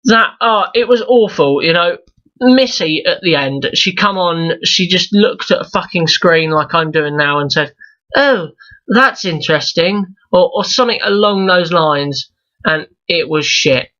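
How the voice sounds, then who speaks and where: A man's voice: fairly high pitch, a little slow, pushed and bright, muffled recording. A young man ranting in a profane, rambling review vlog, exasperated and full of restarts. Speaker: YouTube reviewer.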